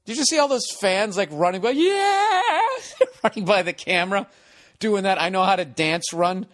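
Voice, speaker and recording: A man in his forties riffs through a comedic podcast monologue, swearing freely and ranting with animated energy. His voice sits a touch higher than most men's. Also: brisk. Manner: profane, ranting, animated storytelling. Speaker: podcast host.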